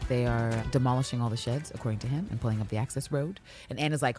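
A woman co-hosting a casual recap podcast, talking in a loud, profane, animated way and slipping into character voices. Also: very deep voice, fast, few pauses, husky, soft background music. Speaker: podcast co-host.

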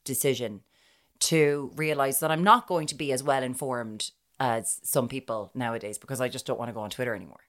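A woman's voice: rumbling low, fairly quick, fairly bright tone. A woman with an Irish accent co-hosting a podcast, telling stories in a wry, self-mocking casual chat. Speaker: podcast co-host.

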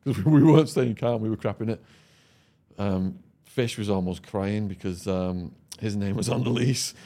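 A man's voice: lowish voice, normal speed, warm tone. Profane English man telling a story. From England. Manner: vivid, profane, laughs while telling. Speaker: podcast guest. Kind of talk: storytelling anecdote.

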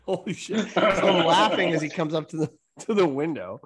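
A man's voice: a little high, fairly quick, fairly bright tone, husky. A man, a comedian telling a story in casual, profane chat and laughing as he goes. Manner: laid-back, profane, laughs through stories.

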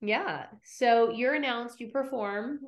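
A woman's voice: fairly high pitch, slow. A middle-aged woman hosting a podcast, casually recapping scenes, acting out quotes and swearing freely. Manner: animated storyteller, acts out quotes, swears freely. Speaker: podcast host recapping episodes.

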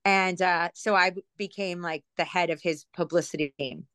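A woman's voice: on the low side, fairly even intonation, moderate pace, a bit bright, clean tone, no echo. Woman, middle-aged, chatty storyteller, self-mocking asides, dry close sound. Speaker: guest, former TV producer. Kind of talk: casual storytelling in a podcast interview.

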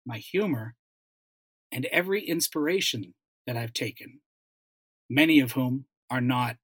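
A man's voice: mid-range voice, a bit bright, dry recording. Man, dialect coach, casual panel chat, storytelling, dry sound. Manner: storytelling, many restarts, thoughtful. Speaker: dialect coach and voice actor, guest.

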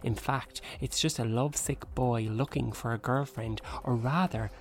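A man's voice: mid-range voice, fairly even intonation, normal speed. A man co-hosting a casual podcast, reading news aloud and breaking off into jokey asides. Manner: reads aloud with asides and laughter. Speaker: podcast co-host.

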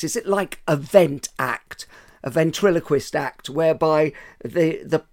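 A man's voice: a little high, darkish tone. A man hosting a podcast interview, asking curious, probing questions. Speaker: podcast host.

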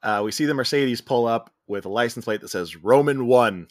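A man's voice: medium pitch, normal speed, no room sound, studio quality. A man co-hosting a podcast, casually retelling a film's scenes and quoting its lines. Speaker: podcast co-host. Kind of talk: casual movie recap chat.

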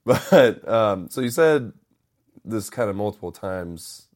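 A man's voice: lowish voice, expressive, slow pace. A man hosting an interview, asking enthusiastic, loosely phrased questions. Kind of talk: casual interview chat.

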